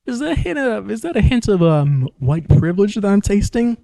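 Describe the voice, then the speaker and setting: A shrill, fretful taster, suspicious of every bite, put on by a man. The voice is pushed very high above its normal register. It sounds dry and close. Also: sing-song, fairly quick, gravelly, warm tone, no room sound, exaggerated voice. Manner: shrill, mock-fretful sniffing over each bite. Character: squeamish, fussy cake taster, prissy and suspicious.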